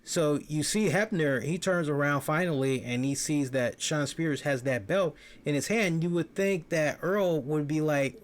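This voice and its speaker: A man talking through a wrestling review in a loose, casual way. His voice sits fairly high for a man. He gets animated, swears freely and stumbles over repeated words as he starts a thought. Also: normal speed, few pauses. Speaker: wrestling show host.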